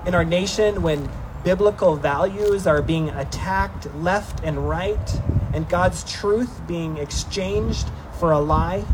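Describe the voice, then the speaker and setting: A male pastor delivering a sermon, emphatic, slowing down to read scripture aloud. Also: sits high, very noisy. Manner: emphatic preaching, slowing for scripture, acting out voices.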